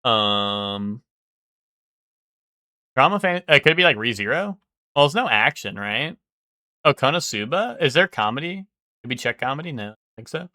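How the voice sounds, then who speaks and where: A man's voice: medium pitch, very animated, moderate pace, long pauses, pushed and bright, dry recording, studio quality. A young man streaming live, thinking aloud and guessing in casual, swearing chatter.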